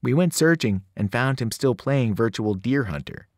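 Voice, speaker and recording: Expressive male teacher reading aloud. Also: normal speed, no room sound, studio quality. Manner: expressive storytelling, varied pitch. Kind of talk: audiobook read-aloud.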